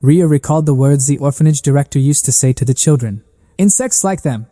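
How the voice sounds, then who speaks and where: A man narrating a story recap in a steady, even reading. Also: mid-range voice, fast talker, big-room sound.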